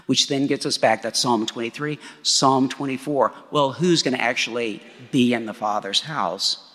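A man's voice: mid-range voice, normal speed, sharp tone. A male pastor preaching a sermon in a conversational way, often checking in with "right?". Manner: conversational, with frequent "right?" tags. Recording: long hall reverb.

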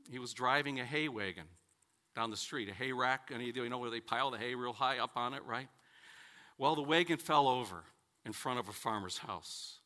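Bright-voiced man preaching a sermon. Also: medium pitch. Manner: storytelling with dramatic pauses and voiced characters.

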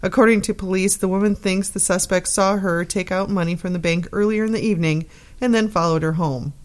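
A woman's voice: medium pitch, fairly even intonation, brisk. A woman on a podcast panel, reading a news story aloud and giggling now and then.

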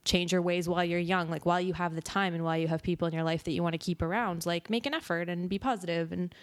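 A young woman co-hosting a casual chat podcast. She talks fast with a slightly low voice and leans on "like" constantly. The sound is dry and close. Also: steady tone, no room sound. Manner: chatty, lots of "like" fillers. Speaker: podcast co-host.

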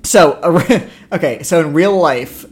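A woman co-hosting a podcast in casual, jokey chat, quick with quips and swearing. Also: deep voice, darkish tone. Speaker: podcast co-host.

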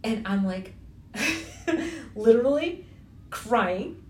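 A woman's voice: fairly high pitch, very slow. A woman co-hosting a podcast as a salon owner, telling stories in casual chat and laughing often. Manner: laughs often, lively storytelling.

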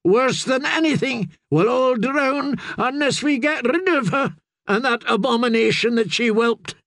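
A man's voice: very high-pitched, a little slow, vocal fry, fairly bright tone, no echo, clean studio sound, pitched above the performer's own voice, full character voice. A man voicing a coarse, superstitious sailor with a crude, hostile manner.

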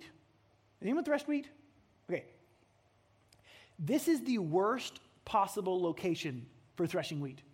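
A man preaching a sermon to a congregation in a chatty, animated way, often restarting his sentences. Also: extremely high pitch. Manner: conversational and animated, with frequent restarts.

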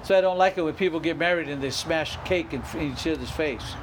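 Man, middle-aged pastor, high voice, emphatic sermon delivery, faint hiss behind. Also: fast. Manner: emphatic preaching with repeated phrases and rising outbursts.

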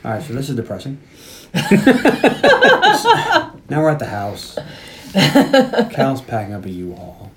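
A man's voice: mid-range voice, big pitch swings, measured pace, pauses often, crowd noise. Man recapping a movie with laughs. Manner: recaps scenes, acting out lines with laughs. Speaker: podcast host. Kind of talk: casual movie recap chat.

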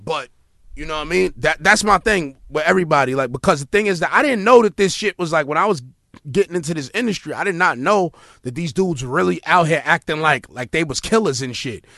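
Animated, gravelly New man. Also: a little high, brisk, no echo, clean studio sound. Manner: animated, profane, emphatic storytelling. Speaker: podcast guest. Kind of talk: casual podcast conversation.

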